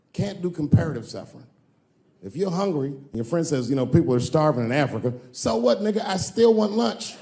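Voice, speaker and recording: A man in his forties performs stand-up live from a large theater stage into a handheld mic, his voice gravelly and full of swooping pitch. He drawls through his stories in low mutters, then leaps into high, incredulous yelps. A long hall reverb and faint crowd ambience hang behind him. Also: mellow. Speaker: stand-up comedian. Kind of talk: stand-up comedy routine.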